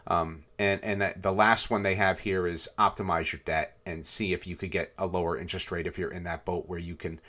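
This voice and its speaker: A man's voice: low-pitched, steady tone, fairly quick, hardly any pauses, pushed and bright. A man co-hosting a podcast, chatting casually and reading out news headlines with frequent fillers. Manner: conversational, reads headlines aloud, frequent fillers. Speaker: podcast co-host.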